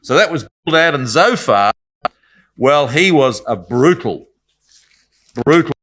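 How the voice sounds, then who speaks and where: A man's voice: fairly high pitch, lively intonation, slow, fairly bright tone. A man giving a Bible study talk in a conversational, reflective way, with apologetic asides. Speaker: Bible speaker.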